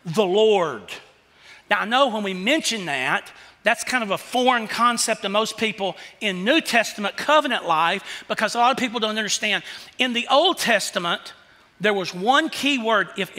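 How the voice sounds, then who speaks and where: A man's voice: sits high, bright, forceful tone, big-room sound. A man preaching a sermon as pastor, telling stories in a conversational way.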